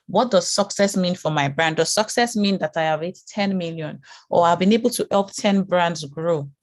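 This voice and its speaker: A woman's voice: fairly low pitch, dry recording. A woman teaching a live branding class, asking the group questions, repeating key points and encouraging them. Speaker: branding course instructor.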